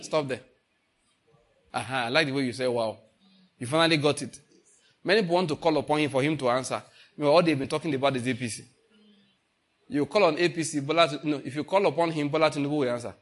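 A middle-aged man with a Nigerian accent preaching a sermon, emphatic, repeating his points and rising to loud bursts. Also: on the high side, fast, long pauses. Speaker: pastor.

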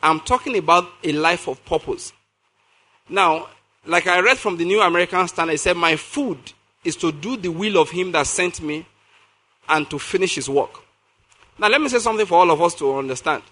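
Guy preaching a sermon, kinda high voice, bright and sharp, reads verses slow then asks the crowd stuff. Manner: reads scripture slowly, then asks the congregation questions.

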